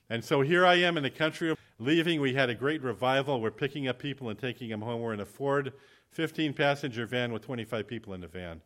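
Animated male preacher. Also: medium pitch, quick pace. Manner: animated, acts out quoted voices; ends in spoken prayer. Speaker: visiting preacher. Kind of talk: sermon with storytelling.

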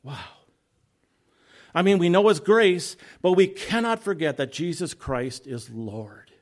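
Earnest preacher, swelling then hushed. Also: male voice, animated, a little slow. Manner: earnest, swells loud then drops soft and low; self-deprecating asides. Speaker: pastor. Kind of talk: sermon.

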